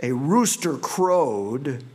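A man preaching a sermon, reading scripture slowly and dramatically, then speeding up for asides. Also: medium pitch, animated, darkish tone, breathy edge. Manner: slow and dramatic, quickening in asides.

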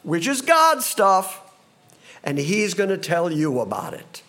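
A man preaching a sermon as a pastor, animated and expressive, sometimes acting out confused voices from the passage. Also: sits high, slow.

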